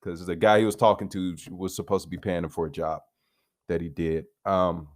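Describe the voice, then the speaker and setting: A man's voice: low-pitched, little pitch movement, fairly quick, no echo, studio quality. A man hosting a solo podcast, rambling in a laid-back, meandering way with frequent swearing and restarts. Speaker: podcast host.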